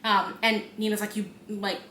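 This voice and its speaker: Young woman, podcast co-host, bright voice, animated storyteller, echoey room with faint hiss. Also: medium pitch, moderate pace. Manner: animated storytelling, acting out scenes, frequent "like" and swearing. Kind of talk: casual chat.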